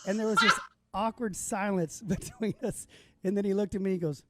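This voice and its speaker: A man's voice: fairly high pitch, fast talker, a bit bright, no echo. Easygoing man hosting a livestream. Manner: easygoing storyteller, laughs often. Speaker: host. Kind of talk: casual livestream chat.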